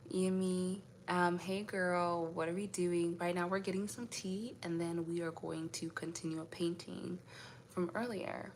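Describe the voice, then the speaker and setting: A woman's voice: lowish voice, fairly even intonation, unhurried, a little hiss or hum. A woman raised in the United States chats casually on a live stream. She answers viewer comments one by one and laughs often. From United States (raised in Indianapolis).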